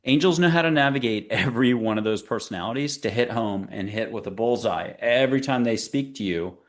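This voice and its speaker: A man being interviewed as a spiritual teacher, talking in a chatty, playful way with quick tangents and jokes. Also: medium pitch. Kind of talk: conversational interview talk.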